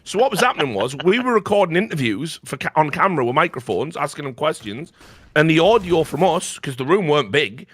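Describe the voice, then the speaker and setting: A man's voice: a little high, very animated, fairly bright tone, slightly rough, dry recording. A middle-aged man, telling a story as a talk show host in a blunt way, with lots of swearing. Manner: profane, blunt, fast-flowing anecdote with lots of swearing. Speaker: podcast host.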